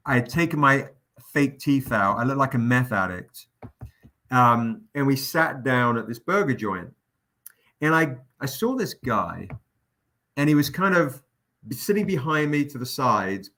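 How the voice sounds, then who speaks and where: Man, bright forceful voice, lively swearing storyteller, casual livestream host. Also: medium pitch, measured pace. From England. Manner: animated, profane anecdote-telling. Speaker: comic publisher hosting a livestream.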